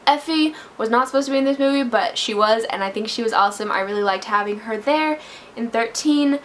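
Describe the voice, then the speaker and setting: A young woman talks through a movie review in a casual vlog, gushing and emotional. Her voice sits a little high, and her feelings keep spilling into it. A faint hiss runs under the recording. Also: fairly quick. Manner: gushing, emotional, breaks into laughter and near tears. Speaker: book vlogger.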